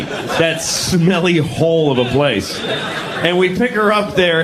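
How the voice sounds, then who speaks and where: On a comedy stage before a laughing audience, a middle-aged New Yorker performs stand-up, telling stories punctuated by sudden high-pitched acted outbursts.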